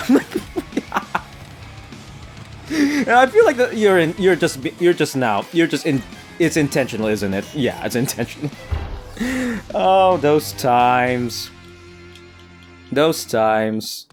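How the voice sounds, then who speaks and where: Animated American man, laughing commentary. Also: a little high, slow pace, long pauses, soft background music. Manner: animated, laughs often, trips over restarts. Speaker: let's play gamer. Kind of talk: casual gameplay commentary.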